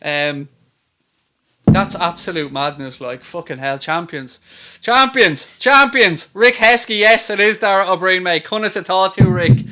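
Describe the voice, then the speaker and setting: A man's voice: high voice, moderate pace, pushed and bright. A man hosting a live football watchalong stream, ranting and swearing at trolls with sarcasm.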